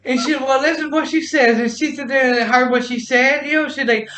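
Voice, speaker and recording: A man's voice: very high voice, steady tone, brisk, crowd noise. A man streaming from home, casually retelling a story with many restarts and quoted dialogue. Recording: echoey room with music behind.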